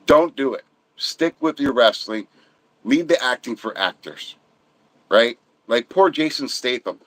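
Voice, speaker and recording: Man, middle-aged, low voice, blunt, emphatic, casual livestream chat, dry sound. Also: a bit bright, no echo, low-quality recording. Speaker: livestream host.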